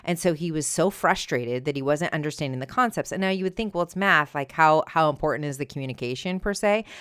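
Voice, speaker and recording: A middle-aged woman hosting a solo advice podcast, talking emphatically and conversationally, sometimes animated. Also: sits low, quick pace, clean tone, dry recording, studio quality. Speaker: podcast host. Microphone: earbuds with mic.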